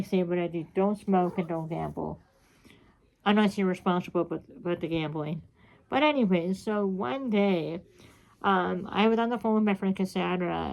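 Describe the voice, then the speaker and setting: Woman, thirties, vlogger; gravelly, rambling, frustrated, cusses often. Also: mid-range voice, a little mellow, low-quality recording. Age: 30s. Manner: rambling, frustrated, swears freely. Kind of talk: casual diary-style chat.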